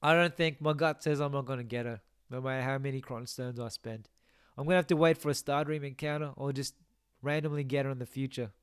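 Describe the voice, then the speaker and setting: A man's voice: medium pitch, fairly even intonation, fast, clean tone, no room sound, studio quality. A young man chatting casually on a game live stream, reading out viewer comments and musing aloud.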